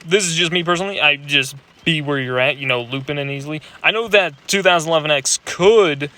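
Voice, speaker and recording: A man's voice: a little high, a little fast. A young man giving casual gameplay commentary as a reaction host, coaching the player and stumbling over repeated fillers. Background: loud game music.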